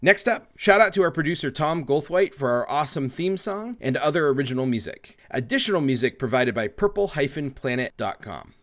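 A man's voice: fairly high pitch, expressive, a little fast, hardly any pauses. A man narrating as dungeon master of a tabletop role-play podcast, telling the scene and talking with players.

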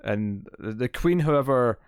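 A man co-hosting a podcast, chatting casually and giving animated, opinionated takes with jokes along the way. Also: mid-range voice, clean tone, dry recording, studio quality. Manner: animated, opinionated, quick to joke. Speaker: podcast co-host. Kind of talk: casual chat.

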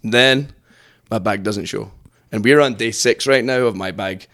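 Scottish priest guy from glasgow, gravelly, laughs while he tells stories. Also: fairly low pitch, unhurried, a bit bright. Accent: Glaswegian. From Scotland. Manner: laughing, storytelling, toned-down accent. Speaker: guest priest. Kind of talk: casual podcast chat.

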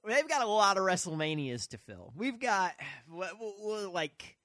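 A man's voice: high-pitched, sing-song, normal speed, a bit bright, no echo, studio quality. A man co-hosting a casual podcast chat, goofy and playful, often laughing as he talks. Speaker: podcast co-host.

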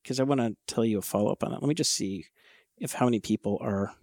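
A man's voice: fairly low pitch, fast talker, no room sound, clean studio sound. A man co-hosting a podcast in casual chat, telling stories with frequent laughter and casual swearing. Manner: animated storyteller, laughs often, swears casually. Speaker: podcast co-host.

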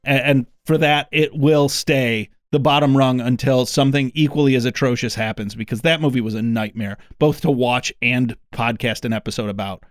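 A man's voice: mid-range voice, steady tone, moderate pace, few pauses, no echo. A man hosting a podcast in casual chat, rambling with restarts and swearing freely. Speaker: podcast host.

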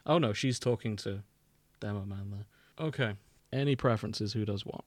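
Easygoing English podcast host. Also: male voice, fairly low pitch, moderate pace, no room sound. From England. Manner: easygoing, organizing, chuckling. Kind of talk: casual chat.

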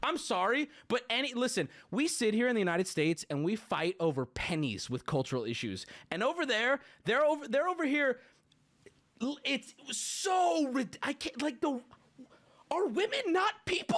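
A man's voice: extremely high pitch, very animated, moderate pace. Fired-up ranting man in his late twenties. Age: late 20s. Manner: indignant, swearing, ranting loudly. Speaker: livestream host. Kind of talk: casual livestream rant.

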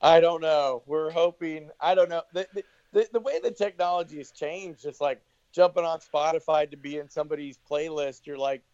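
A man's voice: fairly high pitch, moderate pace, hardly any pauses, darkish tone, clean tone, dry recording, muffled recording. Rambling man in a casual podcast chat. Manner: loose, swearing, many restarts and voiced asides. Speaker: podcast guest, band member.

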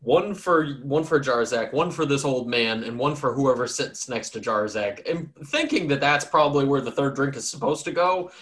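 A man's voice: medium pitch, normal speed, few pauses, fairly bright tone. A man narrating a tabletop game as game master in a casual, rambling way, often laughing.

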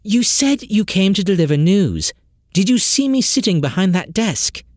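A man's voice: high voice, sing-song, moderate pace, darkish tone, no echo, clean studio sound, pitched above the performer's own voice. A man putting on a curt, impatient woman mage. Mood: demanding. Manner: curt and demanding. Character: sharp, impatient young woman time mage.

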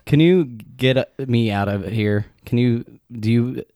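A man's voice: mid-range voice, a little slow, mellow, no room sound, clean studio sound. A man playing his character in a tabletop game, casual and joking. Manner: casual, joking, plain-spoken. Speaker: player. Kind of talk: tabletop role-play, in character.

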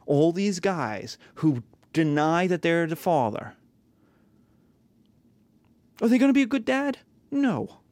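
A man's voice: sits high, darkish tone, no echo. A man teaching a class, talking casually with rhetorical questions and acted-out quotes. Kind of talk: classroom lecture.

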